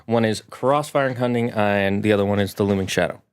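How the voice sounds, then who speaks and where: A man who hosts a live stream as a game master, chatting in an animated, rambling way. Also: fairly low pitch, a little fast, smooth. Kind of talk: casual live-stream chat.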